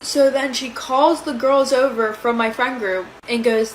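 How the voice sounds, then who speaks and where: A woman's voice: fairly high pitch, fairly even intonation, unhurried, slight background noise. A woman telling a storytime about her friends in a casual, indignant way. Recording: echoey room.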